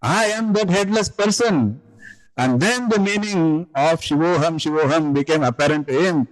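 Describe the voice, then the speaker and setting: A man with a somewhat high-pitched voice leads a live scripture session, telling a parable to his listeners. He speaks in a relaxed, conversational way, asks "you know?" and "right?", and voices the characters' words himself. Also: moderate pace, rough recording. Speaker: spiritual teacher. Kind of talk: live scripture talk with storytelling.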